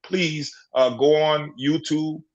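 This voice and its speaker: A man's voice: fairly high pitch, fairly even intonation, slow pace, lo-fi sound. A man hosting a casual group call, encouraging and full of affirmations. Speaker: host. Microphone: online call.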